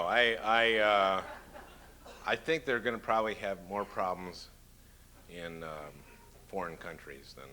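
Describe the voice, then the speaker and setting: A fairly low-voiced man from Minnesota takes questions at a talk, joking in a dry, halting way with plenty of "uh"s. The recording carries a steady layer of hiss and noise. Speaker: author speaking at a talk. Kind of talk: comic Q&A talk. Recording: noisy lecture-hall recording.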